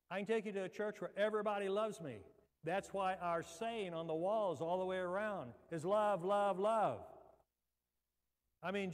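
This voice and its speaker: Pastor guy preaching, kinda high voice, swings loud to hushed, big church echo. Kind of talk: sermon. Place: church sanctuary.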